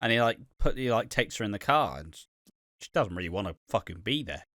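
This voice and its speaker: A man co-hosting a podcast in loose, rambling chat, his voice bright and forceful. He swears freely and breaks into laughter often. The sound is dry and close, with no room around it. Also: lowish voice, expressive, fairly quick, dry recording. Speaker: podcast co-host. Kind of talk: casual chat.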